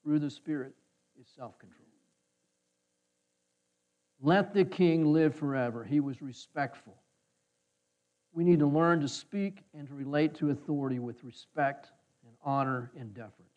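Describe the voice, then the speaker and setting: A pastor with a fairly high voice preaches a sermon, unhurried and pausing often. He tells a personal story in a folksy way, acting out the voices of the people he quotes. The recording sounds slightly dull and muffled.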